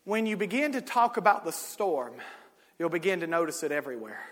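A male pastor preaching a sermon, swinging between loud shouting and quiet, close talk. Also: a little high, big pitch swings, a little fast. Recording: long reverb of a church hall.

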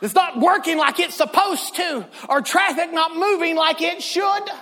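A man preaching a sermon, telling stories with lively swings into loud shouts. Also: very high-pitched, measured pace. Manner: animated storytelling, bursts into loud shouts. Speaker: pastor. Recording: long hall reverb.

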